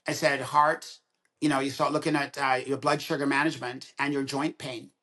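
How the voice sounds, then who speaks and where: A man of roughly sixty, a dentist on a podcast, talks in a medium-pitched voice at a moderate pace. He tells stories in easygoing conversation, bringing quoted dialogue to life by acting out both speakers.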